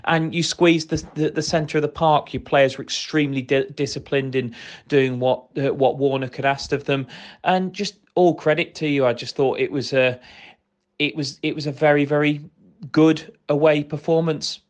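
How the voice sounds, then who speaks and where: A man calmly reflecting on a football match, fair-minded and analytical, with frequent restarts. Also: fairly high pitch, normal speed. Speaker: pundit from the other club.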